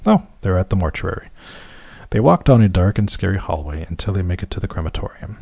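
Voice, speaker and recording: Male film recapper, gravelly and husky, dry sarcastic asides. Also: lowish voice, dark tone, no echo. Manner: wry, sarcastic and profane asides. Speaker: movie recap narrator. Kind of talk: casual film recap commentary.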